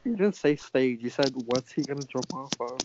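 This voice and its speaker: A man's voice: mid-range voice, lively intonation, moderate pace, a little mellow, highs cut off. A man co-hosting a wrestling podcast, cutting in with jokes in casual chat. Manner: joking, interjecting. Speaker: podcast co-host.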